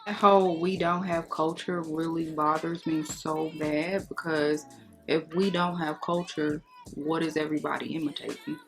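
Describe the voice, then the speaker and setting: A woman's voice: sits low, fairly even intonation, moderate pace, soft background music. Outspoken, sassy woman vlogger. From United States. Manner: outspoken, sassy, emphatic, candid. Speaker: beauty vlogger. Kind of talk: casual get-ready-with-me chat.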